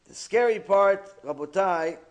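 A rabbi giving a Torah lecture, animated and acting out the quotes he tells. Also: sits high, measured pace. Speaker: rabbi teaching.

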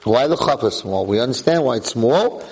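A rabbi teaches a lively Torah class to a live audience, telling the story with energy and firing off rhetorical questions. The man's mid-range voice keeps a moderate pace, but the audio is poor.

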